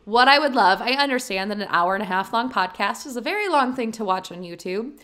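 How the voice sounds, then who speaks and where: A woman's voice: fairly high pitch, animated, a little fast, pushed and bright. A woman co-hosting a podcast, chatting in an upbeat, giggly and earnest way. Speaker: podcast co-host. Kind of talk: casual chat.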